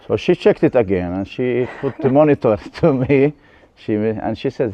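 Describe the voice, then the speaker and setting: A man with an Arabic accent, a guest telling his life story in halting English with many restarts. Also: medium pitch, animated, lo-fi sound. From West Bank. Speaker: interview guest.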